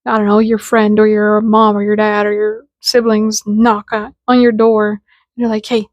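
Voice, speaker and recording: A woman's voice: medium pitch, completely flat delivery, normal speed, no echo, lo-fi sound. A woman giving a casual spiritual talk, chatty and slangy, acting out little dialogues as she explains. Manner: chatty and informal, acts out little dialogues in quotes; slangy, with lots of "like" fillers. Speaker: spiritual content creator.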